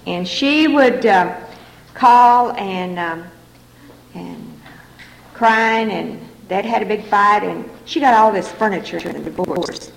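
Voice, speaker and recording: A woman's voice: medium pitch, takes it slowly, vocal fry, reverberant, rough recording. An older woman sharing her personal story at a recovery meeting, frank and folksy, with a wry sense of humor. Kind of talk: personal testimony to a meeting audience.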